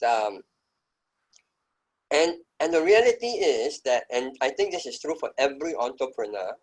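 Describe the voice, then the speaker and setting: Middle-aged guy, bit higher voice, emphatic reflective storytelling in an interview. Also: rough recording. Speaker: interview guest, entrepreneur. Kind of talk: conversational interview.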